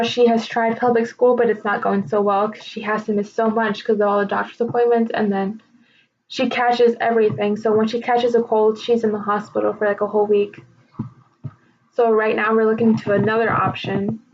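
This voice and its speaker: A young woman giving a recorded tribute speech about her sister, emotional and halting as she holds back tears. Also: on the high side, slight background noise. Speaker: speaker honoring her sister. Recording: slightly dull lo-fi recording.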